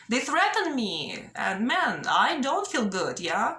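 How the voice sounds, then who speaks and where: High, bright-voiced young woman, anxious. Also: big pitch swings, unhurried, few pauses, roomy sound. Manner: anxious, pleading, tags sentences with "yeah?". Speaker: vlogger. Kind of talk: direct-to-camera personal appeal.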